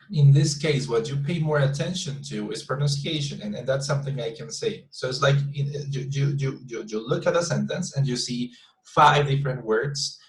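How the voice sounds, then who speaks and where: A male English teacher with a Spanish accent talks his class through a lesson over a video call, stopping to repeat words and fill gaps with "uh" and "um". His voice sits at a middle pitch. The room around his mic adds a clear echo. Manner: halting, with many repeated words and fillers.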